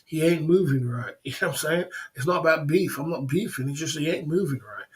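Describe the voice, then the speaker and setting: A man's voice: fairly high pitch, fast talker, a bit bright. Laughing, defiant man ranting. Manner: defiant, laughs often, repeats "you know what I mean". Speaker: livestream host. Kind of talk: casual livestream rant.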